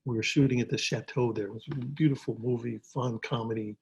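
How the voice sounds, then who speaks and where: An older man, an actor, telling stories in a relaxed interview from his home over a video call, with frequent restarts and repeated words. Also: medium pitch, fairly quick, vocal fry, a little hiss or hum, low-quality recording. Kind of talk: casual storytelling interview.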